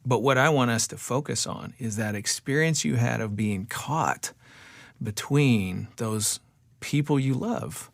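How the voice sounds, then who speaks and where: A middle-aged man hosting a faith podcast interview, asking measured, reflective questions. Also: medium pitch, gravelly, no echo, clean studio sound. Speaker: podcast host.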